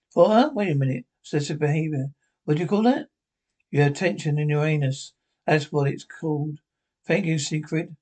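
A cantankerous old Scottish pensioner in a TV sitcom, trading gruff, sardonic jabs. His voice sits a touch high for a man, and the delivery is dry and bickering. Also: a little mellow. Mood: mocking. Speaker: sitcom actor. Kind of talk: TV sitcom dialogue.

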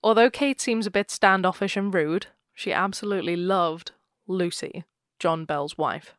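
Speaking at a measured pace, this podcast co-host has a somewhat low, slightly bright voice. She laughs a lot in casual conversation while retelling a ghost story, recorded with clean studio sound and no room sound.

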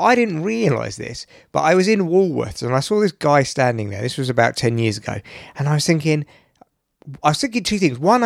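A man's voice: on the high side, gravelly, dry recording, studio quality. A man hosting a podcast, telling stories in casual chat, blunt and swearing freely. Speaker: podcast host.

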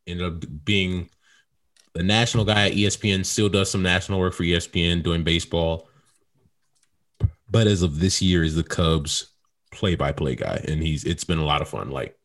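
Male podcast co-host, very low voice, loose easygoing banter. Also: fairly even intonation, moderate pace, fairly bright tone. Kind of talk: casual chat.

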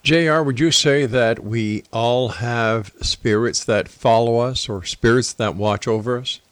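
A man hosting an interview, asking measured questions that he builds up step by step. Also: mid-range voice, clean tone, no echo. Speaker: radio interview host.

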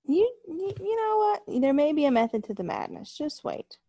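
A woman with a warm, mellow voice that rises and falls a great deal, calming her co-host in a relaxed chat. The mic is close, with dry sound. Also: sits high, moderate pace, vocal fry, no echo, dull audio. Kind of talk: casual chat.

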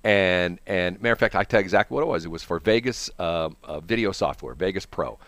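A man's voice: deep voice, expressive, fast, fairly bright tone, no echo. A man with a St. hosting a radio show, rambling and acting out quotes in put-on voices. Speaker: radio host. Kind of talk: casual on-air banter. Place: radio studio.

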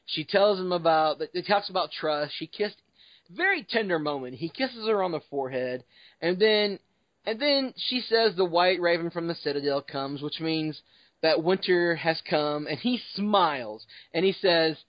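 A fairly high-voiced man with a relaxed, joking manner who keeps the podcast talk moving. The recording is dry and somewhat dull. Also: normal speed, dry recording. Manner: laid-back, jokey, moderates the discussion. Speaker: podcast co-host. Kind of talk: casual TV recap chat. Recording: dull lo-fi sound, dry room.

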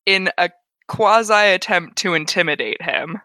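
A woman's voice: fairly low pitch, normal speed, noisy background. A woman player in a tabletop game who speaks in a dry, matter-of-fact way. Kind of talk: casual tabletop chat.

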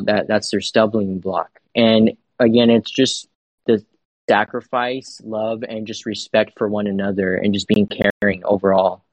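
A man speaking slowly and haltingly in a bible study, stopping often to search for the right words. His pitch is low and barely moves, and the sound is close and dry with no room around it. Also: dry recording, dull audio. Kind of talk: casual reflective sharing.

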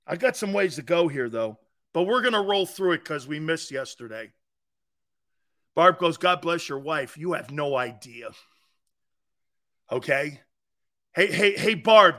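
A man's voice: high voice, bright, forceful tone. A middle-aged man hosting a sports talk show, telling brash, joking stories and acting out the quotes. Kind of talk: animated sports radio monologue.

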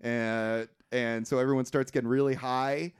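A man co-hosting a podcast, recapping a comedy film in a deadpan way and acting out lines of dialogue. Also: mid-range voice, moderate pace, clear, resonant tone. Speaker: podcast co-host recapping a movie. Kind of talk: casual chat.

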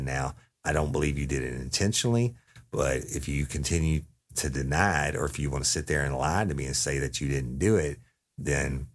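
A man with a rumbling low voice and vocal fry tells an audience about a police interrogation. He's casual and profane, acting out the quoted dialogue.

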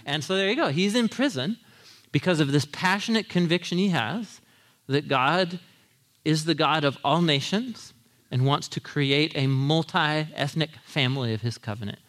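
A man preaching a sermon, telling the story with animated quoted voices and asides to the congregation. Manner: animated storytelling, acting out quotes with big pitch jumps; asides with audience, laughing. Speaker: pastor.

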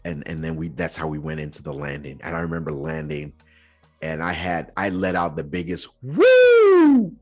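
Podcast host, male, low husky voice, earnest storyteller with casual slang. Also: little pitch movement, brisk, faint music behind. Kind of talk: personal storytelling.

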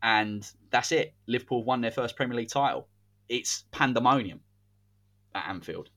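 A man's voice: medium pitch, moderate pace, a bit bright. A man, hosting a podcast and telling a football story in a casual, dramatic way. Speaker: podcast host.

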